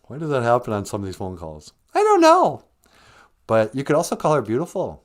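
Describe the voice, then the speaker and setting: An Ojibwe language teacher hosts a comedic live-stream lesson, teasing a pretend caller in a blunt, chatty way. His mid-range, darkish voice moves fast with big pitch swings.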